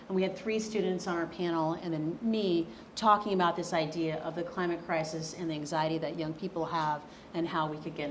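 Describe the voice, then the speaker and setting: A woman's voice: fairly low pitch, a little hiss or hum. Chatty woman author in an echoey hall. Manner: chatty, animated, laughs easily. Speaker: author and guest speaker. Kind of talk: lecture Q&A answers. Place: lecture hall.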